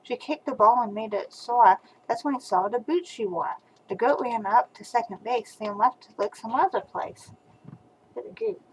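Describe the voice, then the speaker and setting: A woman's voice: on the high side, moderate pace, a little hiss or hum, low-quality recording. Older woman reading rhymes on webcam. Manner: rhythmic rhyming read-aloud with soft asides to a child. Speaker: grandmother reading to a grandchild. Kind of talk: reading a picture book aloud.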